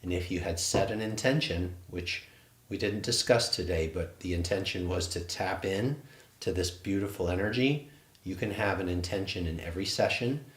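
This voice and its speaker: A man from England, a qigong instructor, leading a guided standing meditation in a soft, slow voice. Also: sits low, reverberant.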